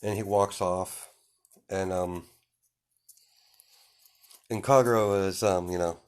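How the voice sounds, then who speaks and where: A young man with a fairly low voice makes up a fan story as he goes. He wanders through it with constant fillers and little chuckles. The delivery is loose and unscripted. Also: steady tone, takes it slowly, smooth. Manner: rambling, full of "you know" and "um", chuckling. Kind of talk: improvised fan fiction narration.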